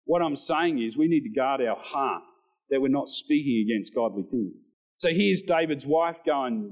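A man's voice: normal speed, rough recording. A man preaching a sermon, reading scripture and talking directly to the congregation. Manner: animated preaching, rises in pitch on scripture; conversational asides to the congregation. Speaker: pastor.

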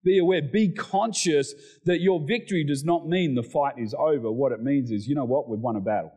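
Middle-aged aussie guy giving a sermon, lively and jokey, voice on the higher side. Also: brisk. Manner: animated, rising to excited exclamations, asides and self-deprecating humor. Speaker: pastor.

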